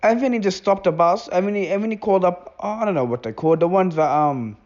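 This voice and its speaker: A man's voice: sits high, quick pace, darkish tone. A man telling a rambling comic story about himself, swearing casually and repeating words as he goes. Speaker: animated storytime narrator. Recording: dull lo-fi recording.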